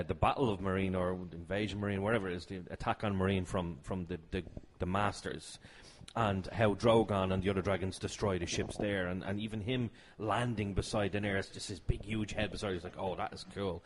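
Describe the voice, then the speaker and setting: A man chatting as a podcast guest, eagerly retelling scenes and shouting out quoted lines. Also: low-pitched, a little hiss or hum. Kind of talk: casual chat.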